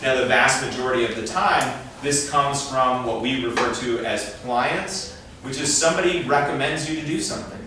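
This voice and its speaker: A man with a mid-range voice speaks at a normal speed, sounding pushed and bright, as he gives an informal, conversational talk to parents at a training session and often acts out quoted dialogue. He is in a meeting room, recorded far from the mic in an echoey space with faint noise.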